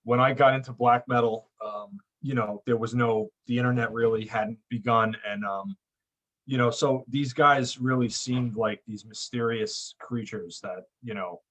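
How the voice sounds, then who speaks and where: Male panelist, medium pitch, eager, trails off quiet. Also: steady tone, normal speed. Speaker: podcast panelist. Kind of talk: casual chat.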